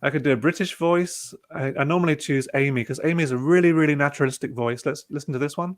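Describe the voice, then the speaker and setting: A presenter shows off a teaching platform during a laid-back online webinar, heard through a video call. He speaks a little high and quickly, narrating his clicks one step at a time and filling gaps with fillers.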